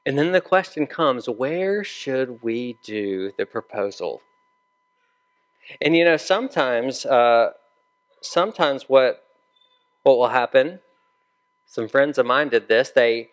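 Conversational male preacher telling a story. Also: mid-range voice. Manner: conversational storytelling, acts out dialogue. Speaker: pastor. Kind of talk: sermon.

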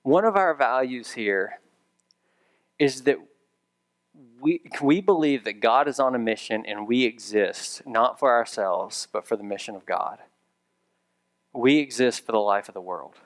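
A man's voice: medium pitch, measured pace, long pauses. A man preaching a sermon as pastor, conversational with dry humorous asides, building to emphatic raised repetitions.

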